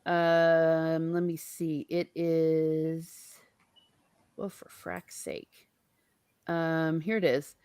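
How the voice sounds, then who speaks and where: A woman hosting a casual book discussion, chatty and animated, laughing often and swearing casually. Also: deep voice, very slow, long pauses, smooth, no echo. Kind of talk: casual chat.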